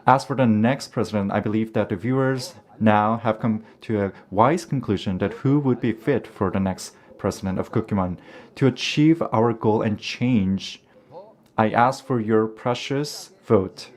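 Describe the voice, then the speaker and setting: Give me a man with a fairly low voice, earnestly interpreting a formal debate live. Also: measured pace, darkish tone.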